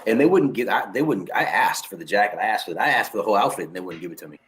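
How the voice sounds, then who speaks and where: Brief: male guest actor, lowish voice, slangy and laid-back. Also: animated, very fast, over a noisy crowd. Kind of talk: casual interview chat.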